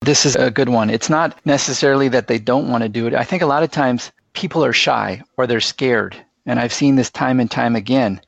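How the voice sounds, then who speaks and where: Gravelly man, middle pitch, earnest interview guest, dull lo-fi dry sound. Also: no room sound. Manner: earnest, anecdotal, enthusiastic. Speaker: guest, live streaming expert. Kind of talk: conversational interview storytelling.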